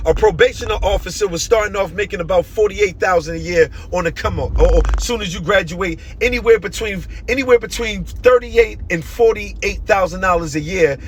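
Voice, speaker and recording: A man's voice: high-pitched, a little fast, few pauses, slight background noise. A young man delivering an impassioned, emotional monologue, hammering his points with repeated phrases.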